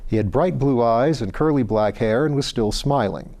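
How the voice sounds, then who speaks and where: Man, storybook narrator, measured pace, mellow voice, mid pitch. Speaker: audiobook reader.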